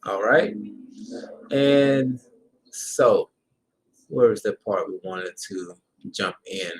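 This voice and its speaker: A man co-hosting a live-streamed spiritual talk, walking through his points in a relaxed way and checking in with "right?". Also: lowish voice, very slow, a little hiss or hum. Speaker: co-host of a spiritual channel. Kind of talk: live-streamed casual discussion.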